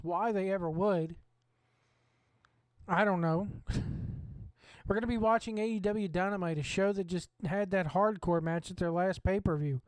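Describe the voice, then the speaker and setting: This is a high-voiced man from the American South hosting a wrestling watch-along, swearing freely and giving blunt, opinionated commentary. He speaks at a moderate pace with a clean tone and no room sound.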